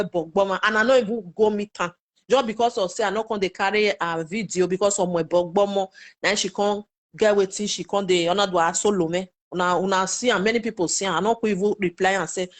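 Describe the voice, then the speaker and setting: A woman with a Nigerian Pidgin accent giving casual live commentary to her viewers, chatty and exclamatory, talking straight to them. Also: medium pitch. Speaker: social media commentator.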